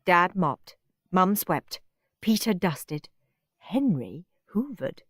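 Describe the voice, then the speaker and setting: A woman narrating a children's storybook in an expressive reading voice. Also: on the low side, slow, slightly rough, no echo, clean studio sound. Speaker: audiobook reader.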